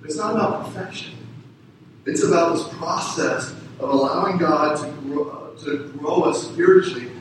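A man with a fairly high voice preaches a sermon, earnest and exhorting, repeating his calls to the congregation. His voice carries in a very echoey church sanctuary, picked up from a distance. A faint hiss of noise sits under it. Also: normal speed. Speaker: pastor.

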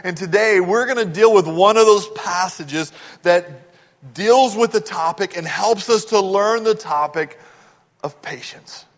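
A man's voice: high-pitched, unhurried, in a large hall. A man preaching a sermon as pastor, earnestly explaining scripture verse by verse.

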